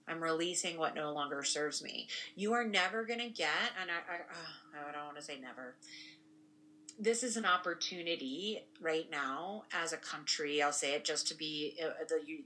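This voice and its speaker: Podcast co-host, young woman, low pitch, rambling casual talk full of tag questions. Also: bright, forceful tone, a little hiss or hum, rough recording. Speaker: podcast co-host and spiritual practitioner. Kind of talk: casual conversation.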